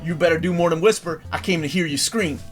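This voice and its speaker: A man's voice: on the high side, fast talker, faint music behind, close to an everyday voice. A man voicing the Hulk as a furious, vengeful, crude brute while retelling a comic story. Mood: angry taunting. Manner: profane, swaggering.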